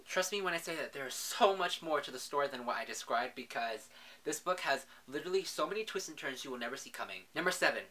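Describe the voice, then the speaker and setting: A man's voice: mid-range voice, lively intonation, fast talker, sharp tone. A young man in a casual book vlog, talking in a chatty, gushing way and often saying "literally". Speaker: book vlogger.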